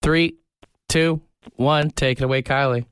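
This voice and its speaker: A man's voice: medium pitch, fairly even intonation, measured pace, a bit bright, clean tone, no room sound. A man from Canada hosting a morning radio show, upbeat and laughing often as he runs a call-in game. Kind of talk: casual morning radio banter.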